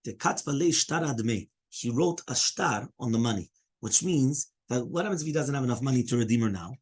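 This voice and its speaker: Husky-voiced rabbi teaching a Talmud class. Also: male voice, mid-range voice, expressive, brisk. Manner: explains step by step, often checks in with "right?"; fields questions and interruptions from students.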